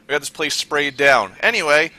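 A man's voice: on the high side, moderate pace, bright, forceful tone. A man co-hosting a podcast in casual chat, joking and playful. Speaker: podcast co-host.

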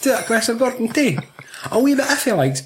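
A man's voice: extremely high pitch, big pitch swings, fast talker, noisy background. A young man with a Scottish accent from Fife, chatting casually about a film, swearing a lot and laughing often. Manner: sweary, laughing, jokey, puts on voices. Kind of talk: casual film review chat.

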